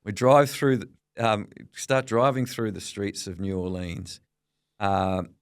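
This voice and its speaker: A middle-aged Australian journalist, a man, telling a lively anecdote in an interview and acting out the people he quotes. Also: fairly low pitch, slow, clear, resonant tone, no echo, clean studio sound. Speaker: veteran journalist guest. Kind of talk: storytelling interview.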